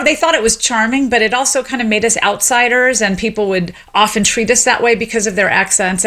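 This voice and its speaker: Articulate middle-aged woman explaining linguistics. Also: medium pitch. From Memphis, Tennessee. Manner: articulate, explanatory, lively emphasis. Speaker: sociolinguist guest. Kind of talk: radio interview.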